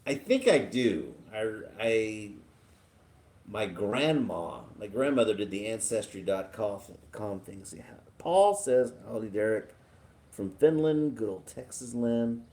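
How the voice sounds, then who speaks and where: A man's voice: lowish voice, mellow. A man hosting a casual live stream, chatting and laughing as he reads viewer comments aloud. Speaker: livestream host.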